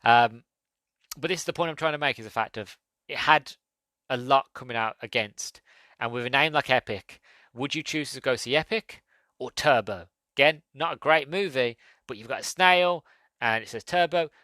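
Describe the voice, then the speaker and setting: Man, podcast host, rambling casual movie review, bright tone, dry recording. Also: mid-range voice, moderate pace, no echo. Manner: rambling, self-correcting, chatty.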